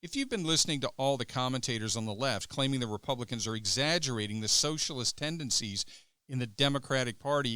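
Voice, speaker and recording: A man's voice: medium pitch, sharp tone, smooth, dry recording. A man hosting a political podcast, reading scripted commentary in a sarcastic, mocking way. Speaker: podcast host.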